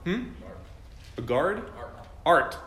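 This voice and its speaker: A man's voice: on the high side, very animated, drawn-out words, fairly bright tone. Man teaching a Bible class in an echoey room. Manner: conversational, quizzes the class, self-deprecating jokes. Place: classroom with a group.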